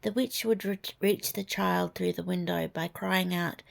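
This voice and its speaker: A woman reading a fairy tale aloud, softly and half-whispered. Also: lowish voice, steady tone, unhurried, creaky. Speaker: storyteller. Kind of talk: storybook reading.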